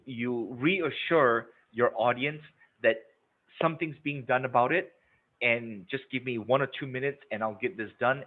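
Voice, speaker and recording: A man leading a live sales-training webinar, emphatic and repetitive, checking in with the audience as he goes. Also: mid-range voice. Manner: emphatic, repeats words, checks in with "okay?" and "right?". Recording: narrow phone-like webinar audio.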